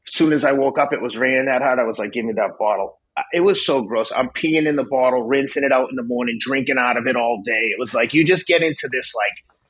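A husky man in his fifties tells his story as a podcast guest, at a middle pitch. He is blunt and excitable and swears freely as he talks. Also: fast, rough recording. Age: 50s. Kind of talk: casual storytelling.

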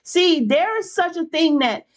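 A woman's voice: extremely high pitch, animated, a little slow, rough recording. A woman preacher delivering a fervent sermon, exclaiming and repeating phrases for emphasis.

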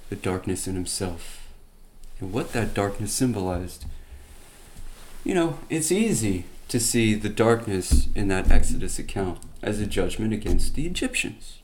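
A man's voice: lowish voice, expressive, unhurried, a little mellow, a little hiss or hum. A man teaching from the Bible by retelling it as a story, with conversational asides and emphatic quoted lines.

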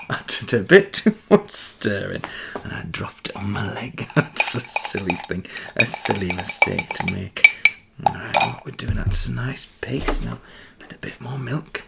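A man in a home kitchen talking through a drink recipe in a soft, chatty, giggly whisper, with cutlery and dishes clattering. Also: medium pitch, vocal fry, heavy background noise. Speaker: ASMR creator. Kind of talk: whispered ASMR cooking demo. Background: cutlery and dish clatter.

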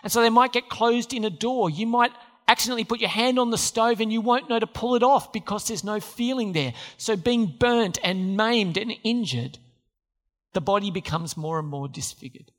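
A man's voice: high-pitched, normal speed, fairly bright tone, long reverb tail. A man preaching a sermon as pastor, emphatic and repeating key phrases. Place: church.

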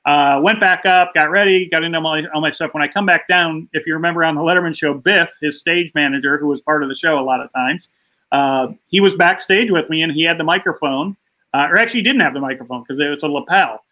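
A man's voice: fairly high pitch, fast, pushed and bright, low-quality recording. A man, a stand-up comedian, telling an anecdote as a podcast guest, acting out the voices of the people in it. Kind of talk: casual interview storytelling.

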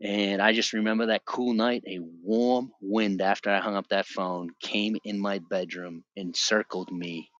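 Low-voiced man telling his story over a dull call line. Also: fairly even intonation, measured pace, hardly any pauses, a bit bright, dry recording. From Massachusetts. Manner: emotional, rambling, slangy. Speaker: guest sharing testimony. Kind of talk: casual storytelling. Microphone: remote call.

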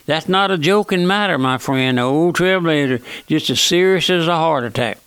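Man, pastor preaching a sermon, folksy and earnest, bright forceful voice, fairly high pitch. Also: clear, resonant tone, no room sound. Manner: earnest, keeps calling out "my friend", slows down to read scripture; folksy, plain-spoken. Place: church auditorium.

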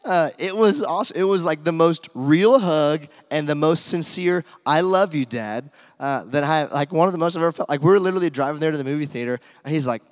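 A man preaching a sermon in a relaxed, conversational way, with many fillers, telling family stories and reading scripture aloud. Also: fairly high pitch, fast talker, hardly any pauses. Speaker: pastor. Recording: long hall reverb.

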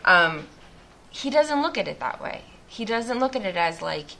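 A woman's voice: mid-range voice, very animated, moderate pace, creaky, pushed and bright. A woman speaking to a group as a missionary, giving an earnest, reflective faith testimony with many restarts.

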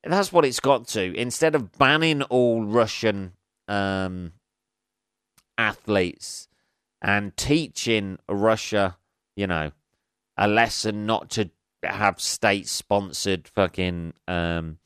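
A man hosting his own podcast, rambling on in a loose, sweary monologue full of chuckles and filler words. His voice is fairly low, smooth and resonant. The sound is close-miked and dry, with no room echo. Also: takes it slowly, fairly bright tone. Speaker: podcast host. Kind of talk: casual monologue.

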